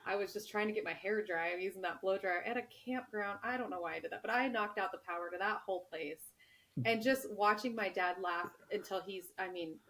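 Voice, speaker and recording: A woman's voice: mid-range voice, fairly quick, fairly bright tone, low-quality recording. Chatty woman telling trail stories. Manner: chatty storytelling, laughs often. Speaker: author and guest. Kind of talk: casual podcast interview.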